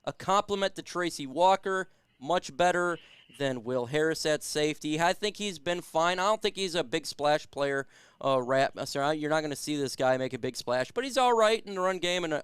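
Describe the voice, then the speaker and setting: A man's voice: fairly high pitch, lively intonation, brisk, fairly bright tone, smooth, no echo, studio quality. A man hosting a casual sports live stream who hypes the chat and reads out viewer comments. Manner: hypes chat, reads super chats aloud.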